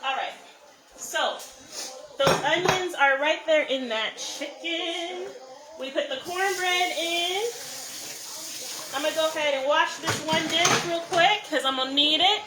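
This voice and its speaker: A woman's voice: extremely high pitch, measured pace, reverberant, over loud music, rough recording. A woman hosting a live cook-along, chatting with viewers and greeting them by name while she cooks, recorded on a phone in a kitchen. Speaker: cooking show host.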